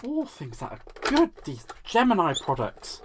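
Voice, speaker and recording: A man's voice: fairly high pitch, huge pitch swings, moderate pace, background noise. A man hosting a live crafting demo. He is giggly and playful, mocks himself and answers viewers' comments as he works. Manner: giggly, playful, self-mocking, reacts to chat comments. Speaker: crafting livestream host.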